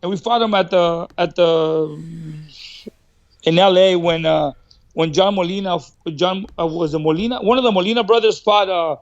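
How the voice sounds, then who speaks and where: A man's voice: high voice, normal speed, dull audio. A man, a boxing trainer from Mexico, telling a story as a podcast guest, acting out what people said and laughing often. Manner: animated, acts out quoted dialogue, laughs often. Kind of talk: casual storytelling. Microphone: studio podcast mic.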